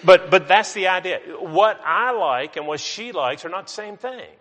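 A man's voice: sits high, expressive, moderate pace, fairly bright tone. A middle-aged male pastor giving a sermon in a conversational, storytelling way with self-mocking humor. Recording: reverberant hall.

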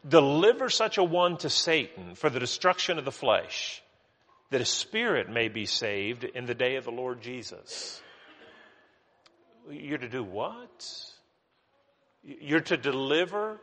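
A man's voice: fairly high pitch, fairly bright tone. A man from West Virginia, teaching a Bible study sermon in a conversational way with many restarts and asides. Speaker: preacher. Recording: long hall reverb.

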